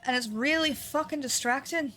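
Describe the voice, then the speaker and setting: Woman streamer, groggy on painkillers; put-on Irish accent slipping to Southern US; sweary, giggly ramble; high, bright tone. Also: normal speed, faint music behind. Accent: put-on Irish that slips into Southern US. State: sleepy and foggy on painkillers. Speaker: game streamer. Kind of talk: casual live-stream chat while gaming.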